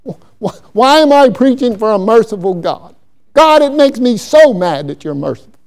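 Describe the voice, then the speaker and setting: A preacher putting on a hotheaded prophet who shouts his grievances upward in a high, strained voice. He is indignant and sulking, loud and petulant throughout. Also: normal speed, smooth. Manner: shouting complaints at God.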